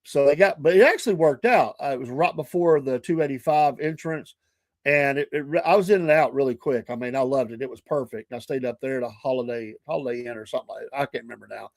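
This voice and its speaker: This middle-aged man hosts a morning show, telling rambling, chatty stories packed with asides and self-corrections. His voice sits at medium pitch and moves quickly, and the recording is dry.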